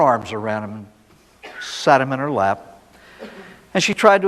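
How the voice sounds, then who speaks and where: A man, a priest, giving a recovery talk in a folksy storytelling way, firing off rhetorical questions and dropping from loud emphasis to hushed asides. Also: medium pitch, sing-song, a little slow, pauses often, long reverb tail.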